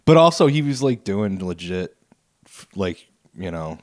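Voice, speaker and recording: A man's voice: deep voice, very animated, measured pace. A man in casual chat with friends, blunt and swearing freely.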